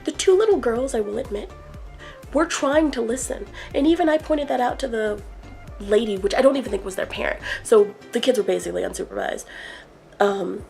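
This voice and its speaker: A woman vlogger telling an exasperated story in a casual rant, animated as she acts out what people said. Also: fairly high pitch, fairly quick, creaky, faint music behind, rough recording. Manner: exasperated, animated retelling with acted quotes.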